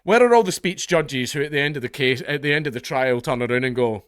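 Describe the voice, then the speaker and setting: A man's voice: on the high side, expressive, quick pace, few pauses, clear, resonant tone, no room sound, studio quality. A young Scottish man giving a profane, mocking commentary rant. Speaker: online commentator. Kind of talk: ranting commentary.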